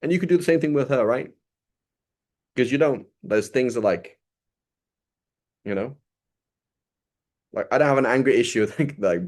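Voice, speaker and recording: A man's voice: medium pitch, lively intonation, normal speed, long pauses, a little mellow. A man teaching an informal sermon, conversational and loose, often checking in with "right?". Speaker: religious teacher.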